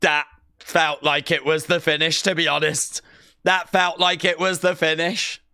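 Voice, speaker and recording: A man hosts a live reaction stream with a bright, forward voice. He lingers over his words and repeats his points, then bursts into shouts at the big moments. The sound is dry and close. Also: on the high side, a little slow, smooth, dry recording. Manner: excitable, shouts counts and moves, repeats himself. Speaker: live-stream watch-along host. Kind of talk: excited live reaction commentary.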